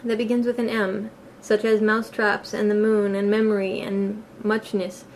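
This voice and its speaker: A woman voicing a sleepy, touchy male dormouse who tells a story in a drowsy, slow way. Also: mid-range voice, flat delivery, a little mellow, slight background noise, lightly acted, rough recording.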